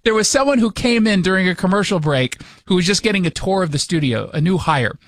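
An American man hosting a radio show, talking casually in a joking, sarcastic way with quick asides, in a studio. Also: high voice, lively intonation, a bit bright. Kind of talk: casual opinion talk.

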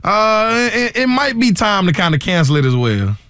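A man co-hosting a radio show, running through the news in a brisk, matter-of-fact way. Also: sits high, sing-song, fairly bright tone. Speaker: radio co-host. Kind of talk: news rundown chat.

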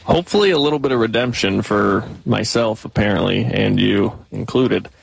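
A man's voice: lowish voice, moderate pace, gravelly, breathy edge, poor audio. A man working as a show's video producer, speaking in an easygoing, laid-back way on a studio mic. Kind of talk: casual studio banter.

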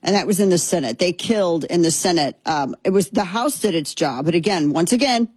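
A woman talks through political news in a loose, conversational way, doubling back on herself and adding wry asides. Her voice is slightly husky, recorded close and dry with no room sound. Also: on the low side, lively intonation, brisk, hardly any pauses, a little mellow, no room sound. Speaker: political commentary host. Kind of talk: casual political commentary.

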